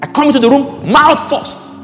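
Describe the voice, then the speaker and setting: A man preaching a sermon as pastor, animated and rising at times to shouts. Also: extremely high pitch, normal speed, long reverb tail, faint music behind.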